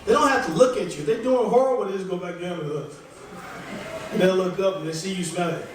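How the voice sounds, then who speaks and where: A man's voice: high voice, quick pace, slight background noise. A man doing a stand-up comedy set in a small club, rambling and conversational, poking fun at himself. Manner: rambling, conversational, self-deprecating. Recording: echoey room, voice from far off.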